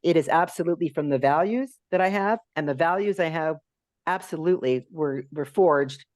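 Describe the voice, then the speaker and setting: A woman in her sixties, a podcast guest and author, telling lively anecdotes in an interview. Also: normal speed, no echo, clean studio sound. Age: 60s. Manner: animated, acts out quotes in high voices.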